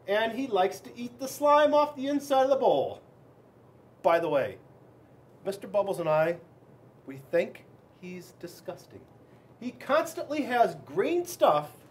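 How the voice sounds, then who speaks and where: A man, a school resource officer, reading a children's book aloud in an animated, expressive way. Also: high-pitched.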